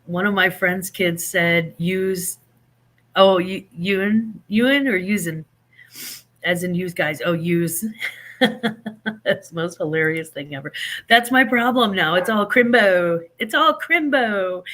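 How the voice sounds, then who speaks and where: A man hosting a casual livestream, chatting animatedly with viewers and reading out their comments. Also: high-pitched. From Saint Louis. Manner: animated, chatty, drawn-out emphatic phrases. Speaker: livestream host.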